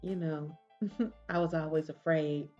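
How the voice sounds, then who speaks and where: A woman putting on a shy young woman, bashful and giggly, her voice lifting a little higher than the narrator's own. She sounds flustered and sweet. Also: steady tone, slow pace, warm tone, lo-fi sound, soft background music.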